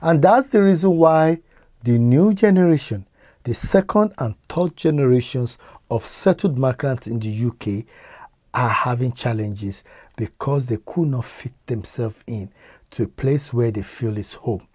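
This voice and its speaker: A man's voice: medium pitch, expressive, unhurried, mellow, no echo. A man with a Nigerian-British accent, an interview guest talking earnestly and with emphasis, often repeating words as he starts a thought. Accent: Nigerian-British English. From England. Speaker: interview guest, community organizer. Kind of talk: live-stream interview.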